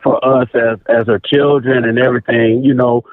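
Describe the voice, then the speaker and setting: A man calling in to a radio talk show, telling a personal story in a casual, animated way and repeating phrases for emphasis. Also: medium pitch, moderate pace, dry recording. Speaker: caller. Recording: tinny phone line.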